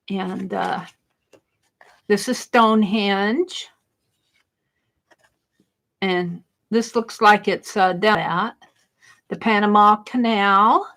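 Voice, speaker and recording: A woman's voice: medium pitch, fairly bright tone. A woman hosting a casual crafting live stream, exclaiming over mail and greeting viewers in chat.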